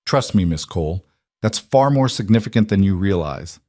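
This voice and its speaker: A man's voice: low-pitched, expressive, normal speed, warm tone, no echo, clean studio sound. A man reading a grave formal bodyguard. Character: serious loyal male bodyguard. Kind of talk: audiobook character reading.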